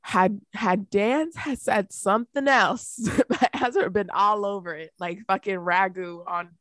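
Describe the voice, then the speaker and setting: A woman's voice: unhurried, no room sound. A woman co-hosting a casual chat podcast, telling a story with lots of swearing and acted-out quotes. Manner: animated, profane, acts out quotes in a raised pitch. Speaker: podcast co-host.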